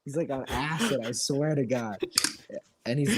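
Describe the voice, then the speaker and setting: A man's voice: mid-range voice, normal speed, noisy background. A young man co-hosting a casual podcast, telling a story with lots of energy and swearing freely. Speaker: co-host.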